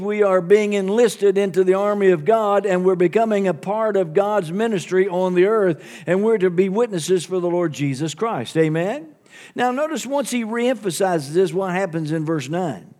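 A man's voice: high-pitched, a little mellow. A man preaching a sermon, reading scripture aloud and explaining it, often calling out amen and hallelujah to the congregation. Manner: reads scripture aloud and paraphrases it.

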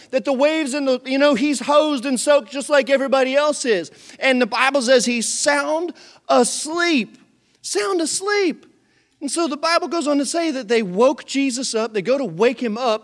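A pastor delivers a lively sermon in a strikingly high voice. He acts out the story with plenty of energy, and some lines burst into shouts.

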